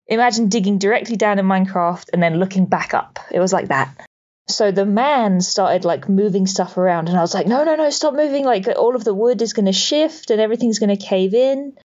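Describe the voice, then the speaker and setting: A woman's voice: mid-range voice, moderate pace, a little mellow, dull audio. A woman, a podcast co-host, recounting a dream on a voice memo, rambling with many fillers. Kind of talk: recorded dream account.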